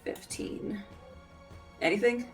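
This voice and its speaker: A woman playing a tabletop game, speaking hesitantly and softly. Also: slow pace, recorded from a distance, faint music behind. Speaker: player. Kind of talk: casual tabletop game play.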